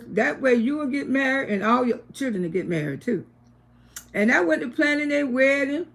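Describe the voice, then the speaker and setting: Gravelly older woman telling stories. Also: normal speed. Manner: animated, acts out quoted voices higher and louder. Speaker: livestream host. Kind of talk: casual storytelling to viewers.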